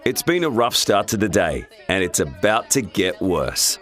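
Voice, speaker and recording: A man's voice: sits low, very animated, normal speed. A man narrating a reality show in a dry, wry scripted delivery. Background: music bed.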